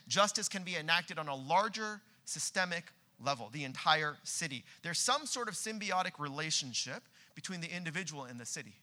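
A young man preaches in a church, his voice very bright and ringing, set a little high. He tells his story earnestly and climbs to loud, animated peaks. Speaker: pastor. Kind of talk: sermon.

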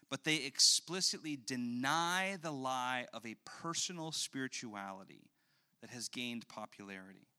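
Bright-voiced man preaching a sermon. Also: on the high side. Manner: animated storytelling, acts out his daughter's voice. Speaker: pastor. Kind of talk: sermon with personal story.

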